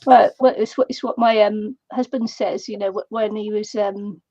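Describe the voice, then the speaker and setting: A middle-aged woman co-hosting a casual crafting chat, talking haltingly with many fillers. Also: mid-range voice, fairly even intonation, mellow, no room sound. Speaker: co-host. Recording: dull lo-fi sound.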